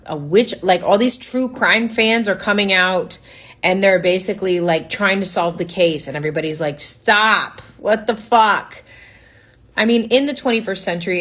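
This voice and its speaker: A woman's voice: fairly low pitch, a bit bright, poor audio. A woman in her thirties from the United States, hosting a casual chat show in a chatty, profane manner. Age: 30s. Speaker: podcast host.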